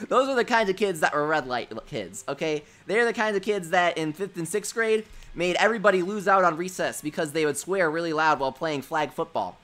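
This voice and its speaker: A young man hosting a casual gaming livestream. He tells childhood stories in an animated way, says "dude" a lot and laughs at his own jokes. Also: a little high, normal speed. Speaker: livestream host.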